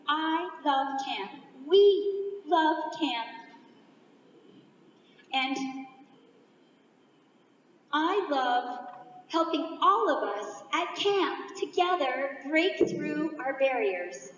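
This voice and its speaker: A woman with a high voice takes her time, drawing the audience into a playful motivational speech. She sounds far from the microphone in a large, echoing hall, and the sound is a little dull. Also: lively intonation, extremely slow, pauses often. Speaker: conference speaker.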